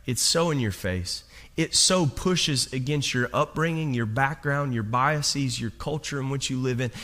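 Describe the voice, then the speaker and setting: This pastor speaks with a medium-pitched, fairly bright voice at a slightly slow pace. Addressing his congregation directly in a sermon, he tells a personal story, often restarting and repeating words.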